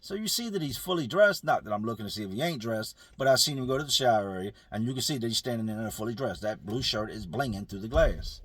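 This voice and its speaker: Husky-voiced man telling a street story. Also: mid-range voice, lively intonation, fast, hardly any pauses, fairly bright tone. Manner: conversational, street slang, addresses viewers. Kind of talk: casual storytelling to camera.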